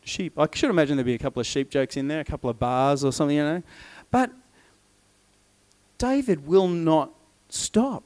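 Man, sermon, animated storyteller, slightly high voice. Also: normal speed. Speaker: preacher.

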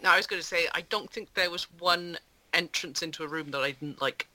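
A man in a casual film discussion, making wry, quick quips. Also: a little high, a crowd in the background.

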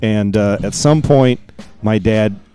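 A man's voice: on the low side, takes it slowly, dark tone, faint music behind. A man co-hosting a casual chat, telling rambling self-deprecating family stories.

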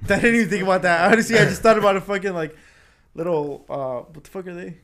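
A man's voice: high voice, fast talker, fairly bright tone. A young man co-hosting a casual podcast, loose and swearing. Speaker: podcast co-host. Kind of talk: casual chat.

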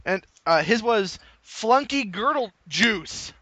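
Young man, high and bright voice, dry close sound, casual chat, laughs a lot. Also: slow pace, no echo. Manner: laughing often, animated storytelling. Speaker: new call center employee.

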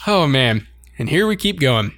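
A man in a casual co-hosted chat, retelling an anime episode with lively delivery and frequent laughter. His voice sits at an ordinary middle pitch. The sound is dry and close, with almost no room around it. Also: a little slow, no room sound. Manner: animated, laughs often while recounting scenes. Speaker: podcast co-host.

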